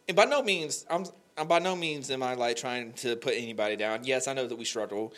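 A young man telling an emotional faith story on a podcast, animated and full of "like" fillers. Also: medium pitch, fairly quick, few pauses. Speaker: podcast guest. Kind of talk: candid faith conversation.

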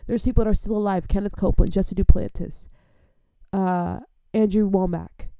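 A woman giving a casual sermon from home into a microphone, telling her testimony in a rambling, animated way full of fillers. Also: mid-range voice, normal speed, clear, resonant tone, no room sound, studio quality. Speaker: preacher sharing testimony. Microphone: studio microphone.

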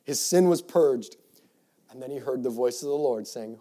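Fervent preacher, dark-toned man. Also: medium pitch, normal speed. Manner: builds from quiet reflective passages to loud fervent exhortation; reads scripture in King James wording, with repeated restarts. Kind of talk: sermon to young people.

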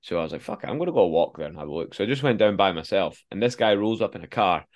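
A man's voice: sits low, lively intonation. A young man co-hosting a podcast, chatting casually and teasing his co-host with dry jokes. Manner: quick, teasing banter with laughs. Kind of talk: casual chat.

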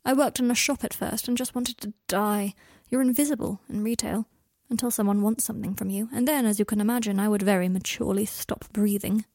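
A woman reading the lines of a guarded, sharp-tongued young wizard in an audiobook of fan fiction, speaking softly and often half in a whisper. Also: mid-range voice, steady tone, brisk, hardly any pauses, no echo, studio quality, lightly acted. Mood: wry.

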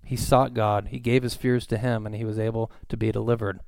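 Smooth-voiced conversational male preacher. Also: on the low side, flat delivery, a little fast, a little mellow, dry recording. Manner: conversational, rhetorical questions. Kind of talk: sermon.

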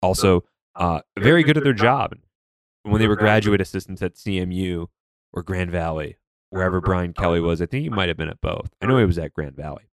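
A young man with a fairly low voice co-hosts a casual podcast, talking in an animated, mocking way and swearing freely. The sound is dry and close, with no room behind him. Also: fairly quick, dry recording. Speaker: podcast co-host. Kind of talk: casual chat.

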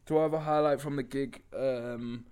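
A man's voice: mid-range voice, steady tone, normal speed, a little mellow, smooth. A man, a band member chatting casually about gigs, laughing often and swearing as he tells stories. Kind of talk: casual chat.

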